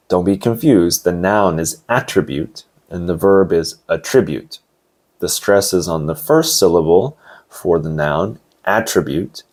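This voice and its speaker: Man, English teacher, low voice, news vocabulary lesson, explains and checks understanding. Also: darkish tone. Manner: explains words slowly, adds asides and checks.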